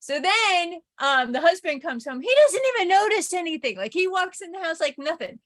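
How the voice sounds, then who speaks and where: A woman's voice: very high-pitched, expressive, normal speed, a bit bright. A woman professor giving an informal recorded lecture, telling a neighborhood anecdote in a chatty way, full of "like" and "right?". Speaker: communication professor.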